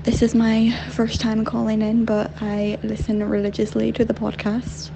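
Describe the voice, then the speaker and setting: A young woman with a Northern Irish accent, worn down a little by years in London, tells a candid, giggly story down a phone line. Her voice has a gravelly fry, with faint noise behind her. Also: fairly high pitch, monotone, normal speed. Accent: Northern Irish, softened by London. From Northern Ireland. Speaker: caller.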